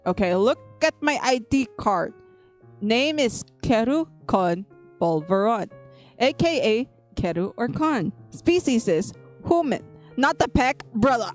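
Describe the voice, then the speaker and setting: Playful high-voiced woman streamer. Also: lively intonation, a little slow, soft background music. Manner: playful, teasing, repeats words, laughs often. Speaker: VTuber streamer. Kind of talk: live-stream chat with viewers while drawing.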